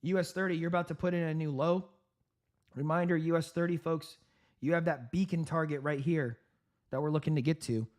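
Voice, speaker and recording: A man hosting a live trading stream, giving upbeat market commentary with frequent laughs, clearing his throat and coughing from a sore throat. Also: on the high side, steady tone, brisk, a little mellow. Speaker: trading livestream host.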